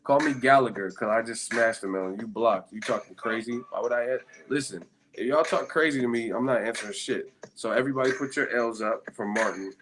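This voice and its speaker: A man's voice: medium pitch, a little fast, few pauses, a bit bright, a little hiss or hum. A man hosting a boxing live stream, rambling and cursing through tired, casual banter with his viewers. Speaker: boxing channel host. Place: hotel room in Las Vegas. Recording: music playing behind.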